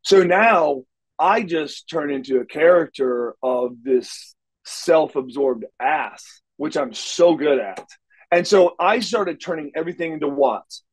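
A man telling wrestling stories in a casual interview, animated and acting out quotes, stumbling over repeated words. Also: on the high side, a little slow, rough recording. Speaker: wrestler guest.

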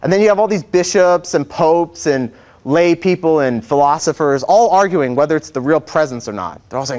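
A man's voice: a little high, expressive, normal speed, darkish tone. A young man, a seminarian, teaching an adult faith class in a chatty, joking way, acting out quotes. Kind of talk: informal classroom lecture. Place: church classroom.

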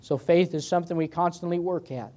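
A man with an American accent preaching a sermon as pastor, pleading with passion and swinging from loud, climbing lines to low, hushed ones. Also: fairly even intonation, brisk. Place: church sanctuary.

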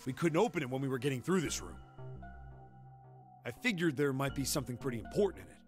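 A man's voice: mid-range voice, expressive, quick pace, lightly acted. An actor voicing an impatient young man in a video game who explains his plan with exasperation. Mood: explaining. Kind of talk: voiced game dialogue. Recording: game audio under music.

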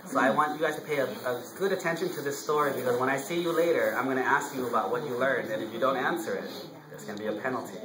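A man's voice: medium pitch, quick pace, echoey room, noisy background. A man, a Buddhist monk, telling a story in a playful sermon, speaking to listeners as "you guys". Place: temple hall.

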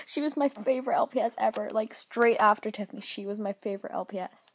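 A young woman vlogging an unboxing, gushing and gasping, often dropping to an excited whisper. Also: mid-range voice, quick pace, hardly any pauses, slightly rough.

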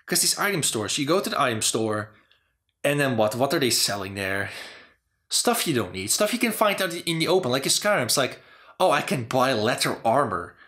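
A man's voice: medium pitch, sing-song, fairly quick, sharp tone. A man hosting a casual talk about game design, rambling with lots of "you know" and "like". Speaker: channel host.

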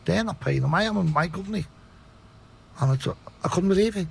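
A middle-aged Liverpool man with a gravelly, husky voice tells his story in a podcast interview. He talks bluntly and swears freely, keeping his voice low as he recounts what happened. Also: animated, brisk. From Liverpool, England. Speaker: podcast guest.

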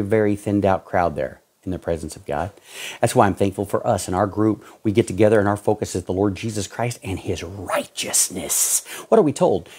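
A man preaching a sermon as a pastor, swinging between loud exhortation and hushed pleading. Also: on the low side, breathy edge.

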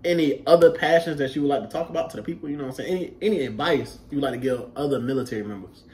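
A man's voice: medium pitch, very fast. A young man telling barracks stories in casual chat, acting out the voices and laughing as he goes. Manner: animated storyteller, acts out quotes, laughs often. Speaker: vlog host.

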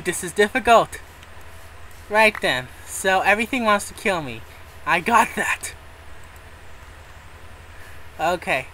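Gamer narrating own playthrough; excitable and sweary, lively bright voice. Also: mid-range voice, a little hiss or hum, low-quality recording. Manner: excitable, swears and laughs often. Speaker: gamer playing a modded survival game. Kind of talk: casual let's-play commentary.

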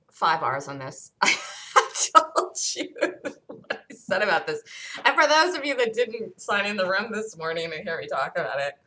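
A woman hosting a live day trading room, excitedly calling trades as they happen, her voice getting worn from talking loud. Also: mid-range voice, slight background noise. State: losing her voice. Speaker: day trading show host.

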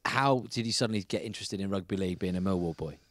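Male podcast host, low voice, rapid-fire questions, dry studio sound. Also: a bit bright, dry recording. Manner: quick, probing, restarts mid-question. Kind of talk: interview questions.

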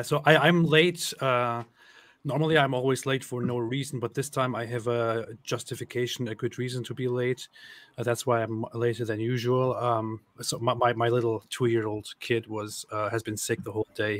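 A man's voice: mid-range voice, flat delivery, normal speed, no echo. A young adult man hosting a casual online chat, joking and chuckling often. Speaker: host.

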